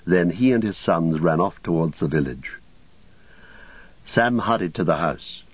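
Audiobook narrator, male, deep husky voice, measured, lo-fi sound. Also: animated, no room sound. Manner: measured storytelling. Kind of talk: scripted narration. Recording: dull lo-fi recording.

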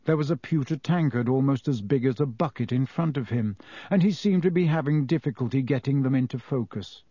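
A man reading a novel aloud as audiobook narrator in measured storytelling. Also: medium pitch, warm tone, no echo. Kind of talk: scripted narration.

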